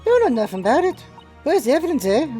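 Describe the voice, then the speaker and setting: A woman's voice: sits high, big pitch swings, fast talker, mellow, soft background music, pitched above the performer's own voice. A woman voicing a cheeky young female street pickpocket, brash, defiant and mocking.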